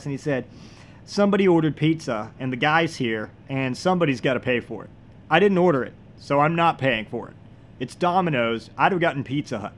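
A man hosting a comedy podcast, telling an absurd deadpan monologue in a halting, rambling way full of fillers. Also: on the high side, a little hiss or hum.

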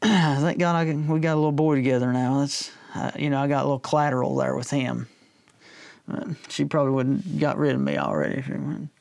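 A man preaching a sermon in plain, everyday talk, mixing jokes with earnest points. His voice sits at a middle pitch and sounds close and dry, with no room echo. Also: lively intonation, a little fast, vocal fry, darkish tone. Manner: conversational, joking, checks in with "all right?". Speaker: pastor.

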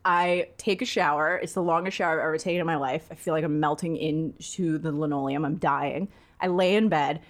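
A woman in her thirties tells a funny story in a relaxed chat, speaking a little fast in a middle-pitched voice. She laughs a lot and acts out quoted lines in a higher voice, sounding lively, animated and unguarded.

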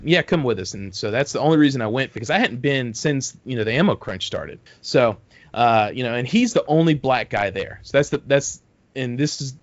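A man's voice: medium pitch, no room sound. Profane storytelling man. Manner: rambling, heavy swearing, acts out quotes. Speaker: podcast host telling a story. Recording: dull dry close mic.

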